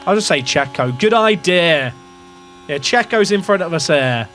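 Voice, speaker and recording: A man's voice: a little high, lively intonation, moderate pace, fairly bright tone, a little hiss or hum. A young English man casually commentating a racing management game, rambling and questioning himself as he talks to his chat. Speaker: gaming streamer.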